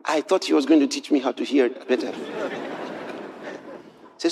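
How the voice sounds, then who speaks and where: A man preaching a sermon, moving from quiet storytelling to shouted exhortation. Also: medium pitch, a little slow, long pauses, slight background noise. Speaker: pastor.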